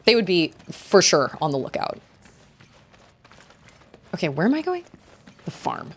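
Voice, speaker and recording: A woman's voice: on the low side, sing-song, unhurried, husky. A young woman streaming a video game, chatting and reacting aloud as she reads the game text, with game music behind. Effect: occasional robot voice filter. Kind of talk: casual live gameplay commentary.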